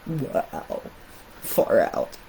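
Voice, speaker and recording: A middle-aged woman, an artist, talking casually and reflectively while showing her sketches, with soft laughs now and then. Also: drawn-out words, slight background noise, poor audio.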